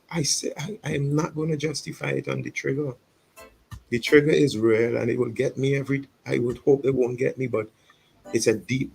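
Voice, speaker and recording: A man's voice: mid-range voice, vocal fry, a little mellow, husky, rough recording. A man who is a pastor, speaking earnestly on a radio show, reflecting aloud and repeating his words as he publicly apologizes. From St Vincent and the Grenadines. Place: radio studio.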